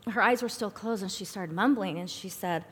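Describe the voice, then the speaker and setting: A middle-aged woman giving a personal testimony at a church talk, earnest and halting, with frequent fillers. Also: medium pitch, slightly rough. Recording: long reverb in a hall.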